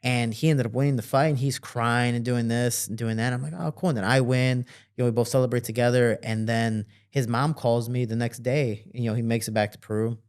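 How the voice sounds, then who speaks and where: A young man in a relaxed interview, a fighter telling stories with lots of energy. He speaks in a middle-range voice and slips into other voices when he quotes people. His pace is quick and chatty. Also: medium pitch, clear, resonant tone. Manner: animated, acts out voices in quoted dialogue. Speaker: guest, professional fighter. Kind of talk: casual storytelling.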